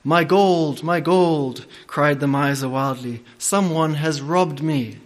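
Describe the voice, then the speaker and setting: A man reading out a frantic old miser from a storybook fable, voice lifted higher and louder as he wails over lost treasure. The voice sits a little above the usual male range, read at a measured pace.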